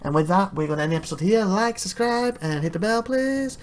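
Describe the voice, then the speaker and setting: A man's voice: high-pitched, lively intonation, fairly quick. A man hosting a let's play, making joking, rambling asides over the game. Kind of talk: casual gameplay commentary.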